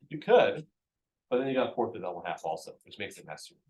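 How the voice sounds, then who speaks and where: A man's voice: medium pitch, big pitch swings, quick pace, dark tone, breathy edge. A man teaching a math class, explaining each step casually with lots of ums and checks of "right?". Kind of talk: classroom lecture.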